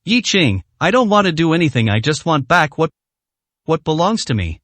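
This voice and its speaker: A heartbroken young woman in an audio story, pleading through tears with halting words, as a male narrator puts her on. The voice sits a little high and sounds dry and close. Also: big pitch swings, a bit bright, no room sound. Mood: tearful.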